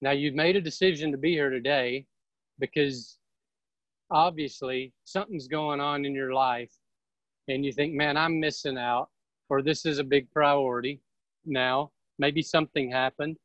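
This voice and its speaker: A woman's voice: a bass voice, steady tone, a little slow, no room sound. A woman giving a blunt, emphatic motivational pep talk as a guest on a video call. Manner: blunt, emphatic, preachy, with some swearing. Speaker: real estate team leader speaking as a guest. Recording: dull, dry video-call audio.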